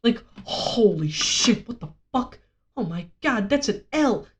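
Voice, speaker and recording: A woman's voice: a little high, animated, slow. A woman vlogger ranting casually, rambling and sarcastic, swearing often.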